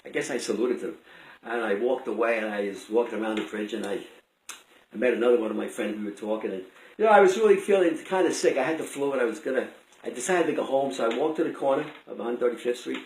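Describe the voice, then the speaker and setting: An older man tells a personal story out loud, rambling and restarting in a conversational way. His voice sits at an ordinary pitch for a man. The recording has a clear room echo. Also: fast talker. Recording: roomy echo.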